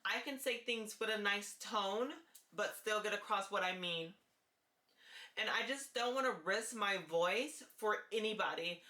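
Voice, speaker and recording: A woman talking to camera in a casual vlog, with a light, forward-placed voice and an earnest, deliberate way of repeating her key points. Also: mid-range voice, sharp tone, roomy sound. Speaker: vlogger sharing voice therapy progress.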